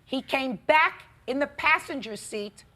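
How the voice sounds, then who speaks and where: Woman TV judge, stern and scolding, lively rising and falling pitch, higher-set voice. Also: a little slow. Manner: stern, scolding, cuts litigants off. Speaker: TV courtroom judge. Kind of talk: courtroom arbitration. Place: courtroom studio.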